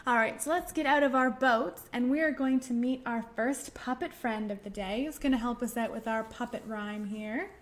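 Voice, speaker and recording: A woman leading a children's library storytime, talking gently and singing nursery songs in a slow, sing-song way. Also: on the high side. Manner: soft whispered singing.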